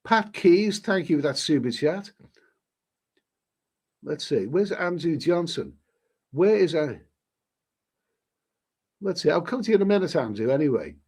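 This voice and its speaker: A middle-aged British travel vlogger hosts a casual livestream, reading viewer messages and rambling with restarts and mild swearing. His fairly high voice swings widely in pitch, unhurried and often pausing, a little mellow and slightly rough.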